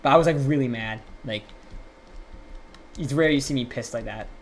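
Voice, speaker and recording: A young man with a mid-pitched voice talks through a game stream, telling a long story in a loose, rambling way. He swears often and gets animated as he talks. A faint noise sits underneath. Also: moderate pace. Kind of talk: casual storytelling while gaming live.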